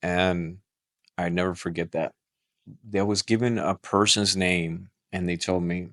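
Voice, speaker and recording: Middle-aged man, deep voice, dry sound; animated storyteller who restarts his sentences, podcast guest pastor. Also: a little slow, dry recording.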